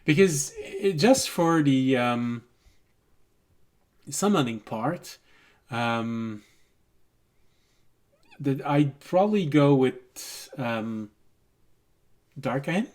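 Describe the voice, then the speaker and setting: A man acting as game master, narrating and speaking for characters, hesitant and full of pauses. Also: medium pitch, animated, darkish tone. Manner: hesitant, full of ums and restarts.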